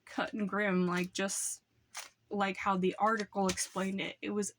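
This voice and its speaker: A woman's voice: mid-range voice, little pitch movement, measured pace, slight background noise. A young woman casually reviewing books in a rambling way, full of "like" and "um.". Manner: rambling, lots of "like" and "um" fillers. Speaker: book vlogger.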